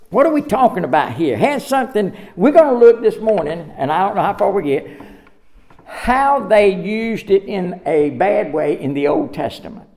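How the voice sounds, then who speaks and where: A man's voice: sits high, creaky, darkish tone. A middle-aged man preaching a sermon, telling folksy stories with frequent laughter. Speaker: pastor.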